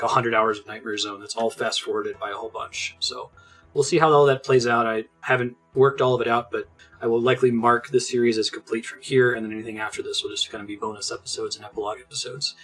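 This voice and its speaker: A man's voice: medium pitch, a bit bright. A man hosting a let's play, giving chatty, enthusiastic commentary with lots of casual fillers.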